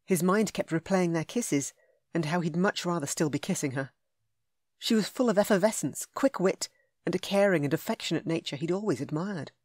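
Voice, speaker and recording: A woman narrating a romance audiobook in a smooth, measured, intimate way. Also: fairly low pitch, animated, darkish tone, no echo, clean studio sound. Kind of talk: scripted narration.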